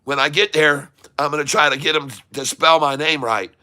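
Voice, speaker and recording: Excitable man hosting a live stream. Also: fairly high pitch, moderate pace, no room sound. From Michigan. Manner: excitable, reading out viewer shout-outs. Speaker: livestream host. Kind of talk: casual livestream chat.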